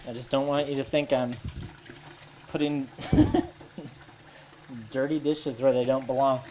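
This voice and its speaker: A woman with a very deep voice rambles through her kitchen chores with wry, deadpan asides. Her talk is halting and a bit nervous, full of restarts. Faint sizzling and running water sit under her voice. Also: noisy background. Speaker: cooking show host. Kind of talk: rambling casual monologue while cooking. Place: home kitchen. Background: running water and sizzling pan.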